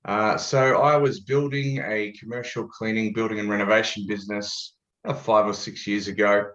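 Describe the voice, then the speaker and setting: A man's voice: fairly low pitch, fairly even intonation, normal speed, a bit bright. A man from Australia with an Australian accent, a guest telling stories in a laid-back, jokey way. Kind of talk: casual interview chat. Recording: echoey, dull-sounding room.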